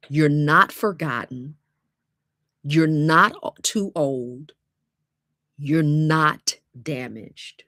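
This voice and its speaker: A woman's voice: low voice, very slow, long pauses, fairly bright tone, dry recording, studio quality. A woman, giving a motivational talk as a dating coach, emphatic and repetitive with call-and-response phrases.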